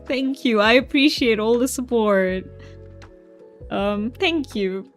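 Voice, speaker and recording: A woman streaming a game live, reading viewer messages aloud in casual chat. She talks softly and emotionally, laughs often and stumbles over her words. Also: fairly high pitch, lively intonation, slow, faint music behind. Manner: soft-spoken, emotional, laughs often, stammers and restarts.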